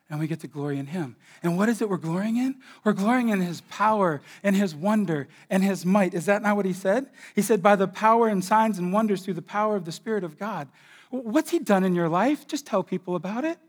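A man preaching a sermon as pastor, swinging between hushed, slow passages and loud, excited stretches where he acts out imagined voices and repeats his words. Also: sits high, slightly rough.

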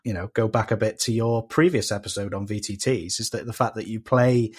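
A man's voice: on the low side, a little fast, slightly rough. A man with a South Welsh accent, a guest on a casual podcast, talking with many fillers and restarts. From Wales.

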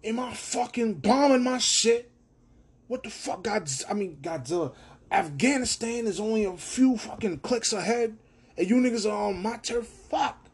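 A man's voice: high voice, moderate pace, breathy edge, voice pushed up. A man voicing a cranky, cursing giant male ape who grumbles and swears in street talk. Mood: irritated.

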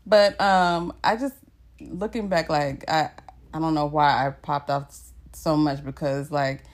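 A young woman co-hosts a casual podcast and tells a story. Her voice sits a little low, and she laughs often. She jumps sharply higher when she quotes herself. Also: steady tone, measured pace. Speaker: podcast co-host.

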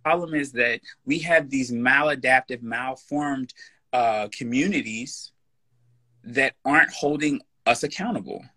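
A man's voice: medium pitch, unhurried, sharp tone. A man speaking as a guest in a casual podcast conversation, emphatic, blunt and profane. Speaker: personal trainer.

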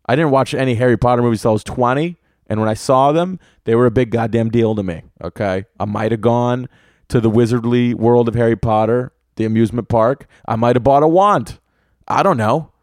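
A man's voice: mid-range voice, fairly quick, dry recording. A young man hosting a solo podcast, telling a rambling comedic story full of swearing in a close, dry sound. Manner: profane, animated storytelling with lots of swearing. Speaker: podcast host. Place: room with an air conditioner.

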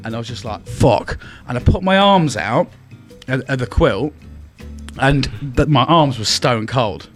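A man recounts a night's scare to his friends, swearing freely and voicing what everyone said. His pitch sits mid-range for a man. Faint music plays underneath. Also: moderate pace. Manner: swears freely, animated retelling with voiced quotes. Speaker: podcast co-host. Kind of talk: casual storytelling among friends.

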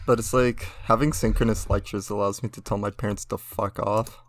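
Low-voiced young guy ranting. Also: steady tone, brisk. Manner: ranting, profane, storytelling. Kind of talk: casual chat.

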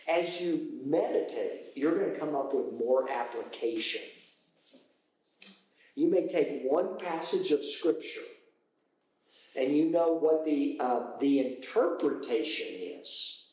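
A man's voice: fairly high pitch, slow. British man teaching, very echoey room. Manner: lively, animated explaining with sudden exclamations. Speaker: Bible study teacher. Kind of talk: Bible study teaching. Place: room with a small study group. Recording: echoey, poor quality recording.

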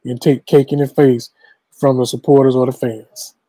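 A man co-hosting casual sports talk in an animated, playfully indignant way. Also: mid-range voice, moderate pace, no echo, poor audio. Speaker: co-host.

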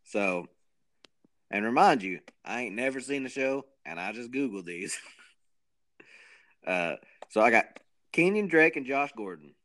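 A man's voice: medium pitch, animated, a little slow, pauses often, a bit bright. A man co-hosting a podcast, rambling and joking in a self-mocking way. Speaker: podcast co-host. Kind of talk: casual chat.

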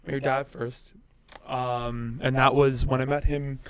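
A man's voice: medium pitch, level tone, a little slow, clean tone. A man chatting as a guest on a podcast, telling stories in an easygoing, rambling way with lots of filler words. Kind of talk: casual podcast chat.

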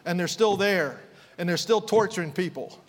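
Fervent high-voiced preacher in a hall. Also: male voice, moderate pace. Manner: fervent, rising to impassioned outbursts then dropping low. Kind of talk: sermon.

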